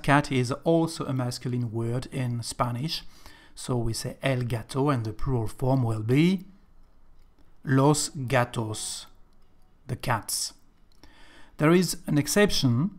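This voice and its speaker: Slow-paced male language teacher. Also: mid-range voice. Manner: slow, careful explaining, slightly non-native English phrasing. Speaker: Spanish teacher. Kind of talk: language lesson narration.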